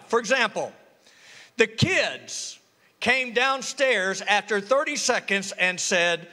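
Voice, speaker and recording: Animated, bright-voiced preacher man. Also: sits high, a little slow. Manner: lively call-and-response preaching with humor. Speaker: pastor. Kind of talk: sermon. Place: church sanctuary. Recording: reverberant church hall.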